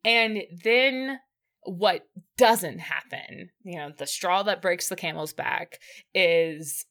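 Woman, podcast co-host, slow unhurried pace, giggly, gushing, casual chat. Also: on the low side, a bit bright. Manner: giggly, gushing, stumbles over words. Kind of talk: casual chat, episode recap.

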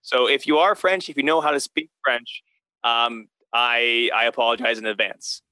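A man co-hosting a podcast in casual chat, earnest and explanatory and quick to laugh, speaking over a remote call. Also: medium pitch, steady tone, bright, forceful tone, clean tone, dry recording, rough recording. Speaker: podcast co-host. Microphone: remote call mic.

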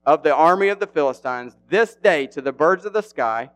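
A male preacher giving a relaxed, chatty sermon, full of slang and asides. His voice sits somewhat high for a man. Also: normal speed. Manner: animated, slangy and conversational, with frequent fillers. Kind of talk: casual sermon.

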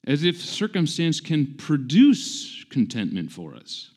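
A man's voice: fairly high pitch, wildly swooping pitch, moderate pace, few pauses, darkish tone. A pastor in his forties preaching a conversational sermon, emphatic and self-deprecating, often repeating himself for stress. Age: 40s.

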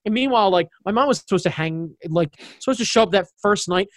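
A man from the suburbs of Baltimore County, Maryland tells a personal story in casual chat, rambling with lots of fillers and blunt swearing. His high-pitched, fairly bright voice has lively intonation and a quick pace, with no echo.

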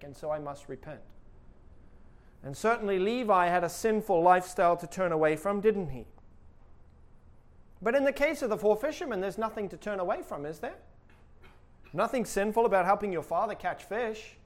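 A man's voice: high-pitched, expressive, moderate pace. A male pastor preaching a sermon with emphatic delivery and rhetorical questions.

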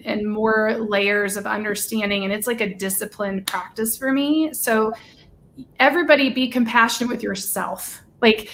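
A woman's voice: on the high side, fairly bright tone, a little hiss or hum. A woman co-hosting a casual livestream chat, gushing and talkative, with lots of "like". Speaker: livestream co-host.

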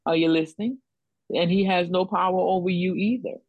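A woman preaching in a call-and-response rhythm, leaning on repeated phrases to drive each point home. Her voice is breathy and soft-edged. The sound is dry and close, with no room around it. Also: on the low side, fairly even intonation, brisk, no room sound, narrow, tinny audio. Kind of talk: sermon.

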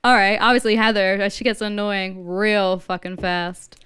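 A woman's voice: mid-range voice, steady tone, moderate pace, fairly bright tone, clean tone, no echo. A woman co-hosting a podcast in casual chat, dropping dry, teasing remarks. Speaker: podcast co-host.

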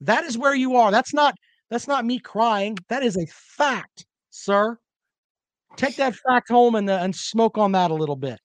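A man's voice: very high voice, expressive, measured pace, no echo. A man co-hosting a casual sports talk livestream, reading viewer comments and firing back with sarcastic, profane jabs.

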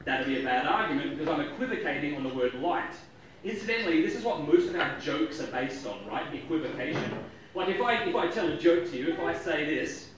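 A man giving a joking, lively talk on logic to a live audience, often chuckling at his own jokes. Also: on the high side, a little hiss or hum. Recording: echoey hall, distant mic.

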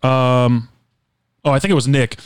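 A man co-hosting a podcast, deadpan and profane, tossing out absurd questions in casual comedic chat. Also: mid-range voice, unhurried, heavy background noise. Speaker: podcast co-host.

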